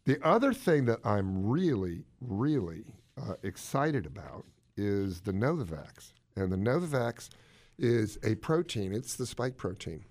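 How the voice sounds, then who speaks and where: A man co-hosting a casual chat, explaining health news in a jokey, animated way. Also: unhurried. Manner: animated, jokey, swoops up in pitch for emphasis.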